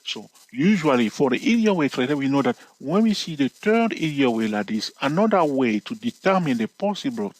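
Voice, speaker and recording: A man teaching a trading lesson as he walks through a chart, explaining step by step and often pausing on "okay" and "all right". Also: medium pitch, no echo, rough recording. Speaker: trading educator.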